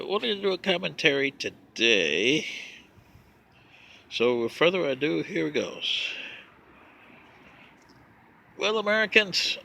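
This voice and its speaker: A man's voice: medium pitch, vocal fry, pushed and bright. A man giving a rambling, sarcastic, folksy political commentary, coughing now and then.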